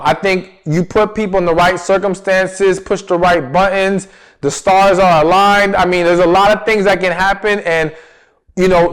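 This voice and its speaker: A man's voice: high-pitched, a bit bright. A man hosting a relationship advice talk, speaking straight to the viewer with emphatic stress and rhetorical questions. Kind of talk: direct-to-camera advice talk.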